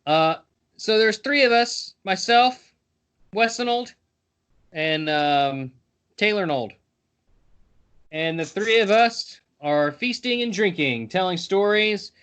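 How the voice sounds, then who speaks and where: A man with a high-pitched voice hosts a game podcast, shifting between loose, joking chatter and reading scene text aloud. He swears casually and keeps things informal. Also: expressive, slow pace, pauses often, fairly bright tone, clean tone. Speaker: podcast host and game narrator.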